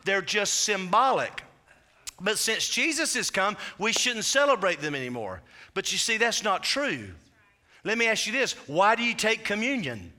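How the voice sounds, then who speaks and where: A man's voice: high voice, big pitch swings, moderate pace, sharp tone. A man preaching a sermon as pastor, telling stories in a chatty way with asides. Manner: storytelling preacher, conversational asides.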